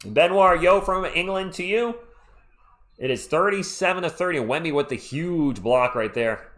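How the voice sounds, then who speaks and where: A man calls a basketball game live for a stream audience, rooting openly for one side and breaking off to greet people in the chat. His voice sits a little high and jumps up sharply when a big play happens. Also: moderate pace. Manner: excitable, fan-biased, chatty with viewers. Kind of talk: live play-by-play commentary with chat shout-outs.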